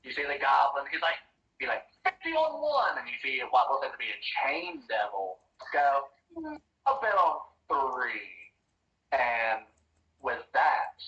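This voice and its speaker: A man's voice: mid-range voice, pushed and bright, dull audio. Echoey, distant man running a tabletop game. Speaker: dungeon master.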